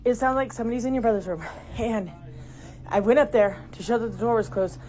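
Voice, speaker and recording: A woman's voice: a little high, quick pace, dark tone. Frightened woman whispering into a phone. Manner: panicky, breathless, often whispering. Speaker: homeowner filming at home. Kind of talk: frightened phone video narration. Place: inside a house. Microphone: phone camera.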